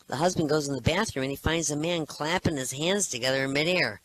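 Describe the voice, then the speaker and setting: A man telling jokes as a comedian, animated and laughing at his own punchlines. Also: on the high side, fast talker, slight background noise.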